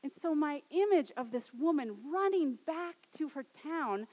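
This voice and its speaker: A woman in her thirties preaching a sermon, swinging from loud, dramatic rises to soft, quiet endings. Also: high voice, animated, unhurried, lo-fi sound. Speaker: pastor.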